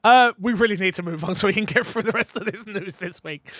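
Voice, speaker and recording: A high, bright male voice hosting a casual podcast, full of energy and joking asides. He tells stories in an animated way, and the sound is close and dry with no room around it. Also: quick pace, few pauses, no echo. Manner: animated, jokey storyteller. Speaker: podcast host.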